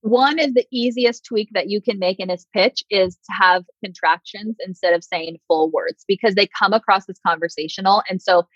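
Lively sarcastic lady chatting on a podcast, dry lo-fi mic. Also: mid-range voice, moderate pace, hardly any pauses, slightly rough, dry recording. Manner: animated, sarcastic, acts out quotes. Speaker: podcast guest, PR coach. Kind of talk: casual podcast chat.

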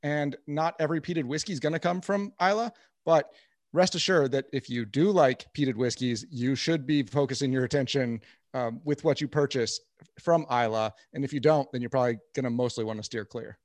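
A man explaining with steady, informative calm in a podcast conversation. His pitch is ordinary for a man. The recording is dry with no room sound. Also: a little fast, no echo. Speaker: podcast guest. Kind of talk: casual podcast chat.

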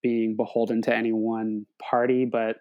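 A man's voice: fairly low pitch, level tone, moderate pace, dull audio. A young adult man speaking as a podcast guest, reflective and hesitant, often restarting and repeating words. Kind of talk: reflective conversational talk.

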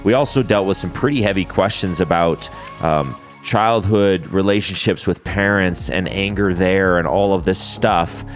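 A man with a deep, low voice hosts a church podcast in a casual chat. He keeps things upbeat and jokey, with faint music playing under him. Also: moderate pace. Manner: upbeat, joking. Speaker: podcast co-host.

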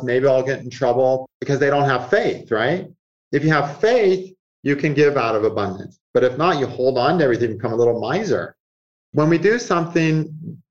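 A man, an astrologer guest in an interview, explaining ideas in a lively conversational way and acting out inner voices with frequent chuckles. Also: mid-range voice. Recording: muffled lo-fi sound.

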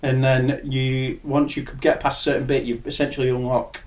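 A man's voice: medium pitch, level tone, brisk, darkish tone. A young adult man, chatting casually and enthusiastically, swearing now and then. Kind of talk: casual chat. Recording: echoey room.

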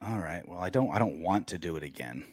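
A man co-hosting a casual sports podcast, ranting in an animated, crude way. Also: low-pitched, fast talker, no room sound. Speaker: podcast co-host.

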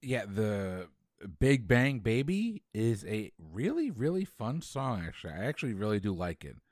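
A man's voice: lowish voice, sing-song, moderate pace, a little mellow, no room sound, studio quality. A man co-hosting a casual podcast, giving opinionated takes with jokes and fillers. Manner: opinionated, joking, hesitant fillers. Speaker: podcast co-host.

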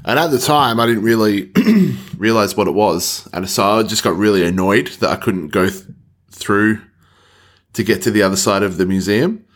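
Low-voiced rambling man. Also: normal speed. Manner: rambling, swears, laughs easily. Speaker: podcast co-host. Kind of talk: casual chat. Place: Melbourne apartment.

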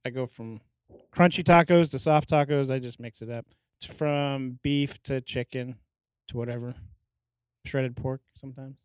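A woman's voice: a bass voice, steady tone, normal speed, a little mellow, clean tone, no room sound. A woman in her forties chatting casually as a podcast guest, telling stories in an easygoing, laughing way. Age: 40s. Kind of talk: casual chat.

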